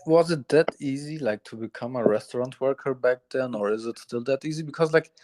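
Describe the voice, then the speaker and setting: Host: man, mid-pitched, halting, casual questions full of "uh". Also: a little mellow. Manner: hesitant, many "uh" fillers. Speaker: podcast host.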